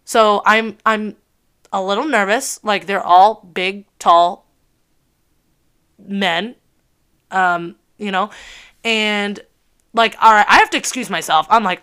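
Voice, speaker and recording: A woman in her early twenties telling a personal story in a casual, animated way, full of swearing and filler words. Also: medium pitch, takes it slowly, pauses often, smooth. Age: early 20s.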